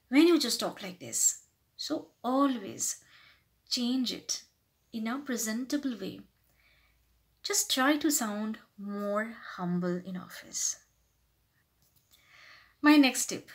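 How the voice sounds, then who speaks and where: Woman vlogger explaining office manners, earnest, fairly high voice. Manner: earnest, explaining, acts out polite and rude phrases. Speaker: lifestyle vlogger. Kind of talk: casual advice talk to camera.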